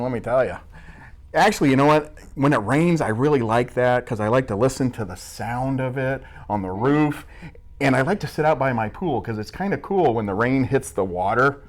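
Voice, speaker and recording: Joking middle-aged man, lively voice. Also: medium pitch. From Midwest US, Iowa. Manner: joking, self-mocking storyteller. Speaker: school staff member being interviewed. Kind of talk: casual interview chat.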